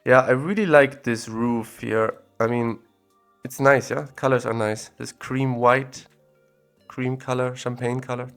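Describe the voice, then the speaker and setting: At a measured pace and medium pitch, a man gives laid-back, think-aloud commentary while looking around places on a map. Soft background music accompanies him, and his voice was recorded on a separate device.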